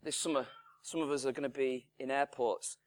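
A man's voice: medium pitch, steady tone, a little fast. Conversational man preaching. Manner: conversational preaching with acted-out dialogue, dropping to hushed tones. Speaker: pastor. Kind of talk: sermon.

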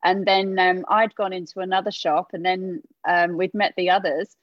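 A woman's voice: fairly low pitch, flat delivery, normal speed, dry recording. English woman, dry lo-fi recording. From England. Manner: rambling storytelling with many fillers. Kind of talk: casual chat. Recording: dry dull lo-fi sound.

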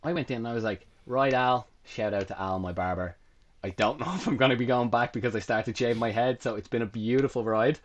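A man's voice: mid-range voice, a little fast. A young man in his twenties, a podcast guest chatting casually and acting out the quotes in his stories. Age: 20s. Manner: lively storyteller, acts out quotes. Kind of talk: casual chat.

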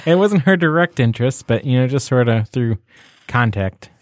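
A man's voice: medium pitch, animated, no echo, studio quality. A man co-hosting a podcast, joking in casual chat. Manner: slow, joking, laughs often. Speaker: podcast co-host.

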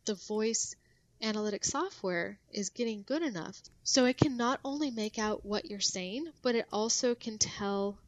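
A woman guest chats through ideas on a podcast, piling up fillers and restarts as she explains. Her voice sits at an ordinary middle pitch. The sound is dry and close. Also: moderate pace, no room sound. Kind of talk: casual podcast conversation.

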